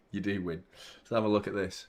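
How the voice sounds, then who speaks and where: A young man hosting a live football watchalong, chatting casually with viewers and shouting out at big moments. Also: fairly low pitch, normal speed, creaky. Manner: laid-back chat that jumps to loud excited reactions. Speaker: watchalong host.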